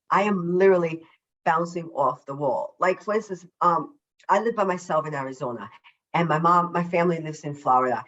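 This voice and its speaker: A woman, a self-love coach, talking as a podcast guest over a video call, effusive and emphatic, deliberately slowing down her naturally quick way of speaking. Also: lowish voice, a bit bright, muffled recording. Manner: deliberately slowing her usual fast speech. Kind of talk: casual podcast interview.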